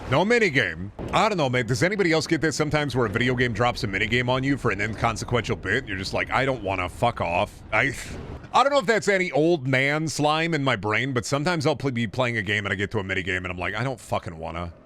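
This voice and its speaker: A male gaming streamer talking casually over gameplay in a mid-range voice. He rambles and swears freely, with animated bursts. The delivery is loose and conversational. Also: mid-range voice, quick pace, a little hiss or hum. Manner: rambling, profane, animated outbursts. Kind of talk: casual live-stream chat.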